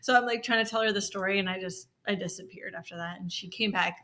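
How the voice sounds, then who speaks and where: A woman co-hosting a podcast talks candidly and emotionally, frank and conversational, leaning heavily on "like" and occasionally swearing. Her medium-pitched voice is bright and forceful, with fairly even intonation, and she talks fast.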